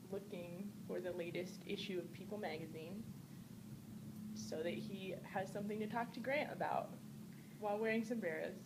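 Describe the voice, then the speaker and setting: A woman's voice: mid-range voice, normal speed. A woman giving frank, wry answers in a casual interview. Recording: noisy camera recording.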